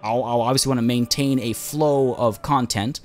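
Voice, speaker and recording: A man's voice: medium pitch, fairly even intonation, normal speed, faint music behind. A man hosting a game let's play, losing his voice as he thinks aloud with plenty of uhs and ums. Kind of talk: gameplay commentary.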